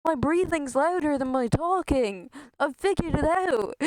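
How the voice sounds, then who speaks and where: A woman chats casually on a video game stream, exasperated and self-deprecating, cursing often into a headset mic right by her face that catches her breath. Her voice sits high and sounds animated and a little mellow, and she takes her time. No room sound is audible.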